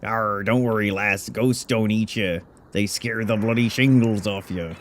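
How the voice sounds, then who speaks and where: A man voicing a gruff old male pirate sea captain with a growling pirate brogue, reading game dialogue aloud in character. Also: mid-range voice, steady tone, slow pace, sharp tone. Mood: reassuring.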